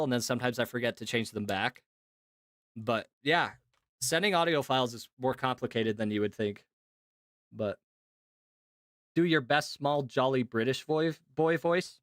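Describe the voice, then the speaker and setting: A man's voice: medium pitch, fairly bright tone, no echo, clean studio sound. A man who works as a voice actor, rambling easygoing to his chat during a live stream.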